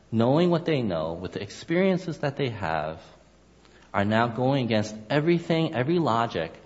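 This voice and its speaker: A man preaching a sermon, explaining Hebrew wording and acting out the characters' lines. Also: on the low side. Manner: expository, explains Hebrew words, acts out dialogue. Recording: lo-fi with long hall reverb.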